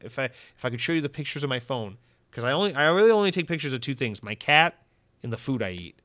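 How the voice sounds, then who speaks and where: A man hosting a podcast, talking in a loose, rambling and profane way, with animated swings in his delivery. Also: mid-range voice, fast, no echo, clean studio sound. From Central Florida. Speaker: podcast host. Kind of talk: casual chat.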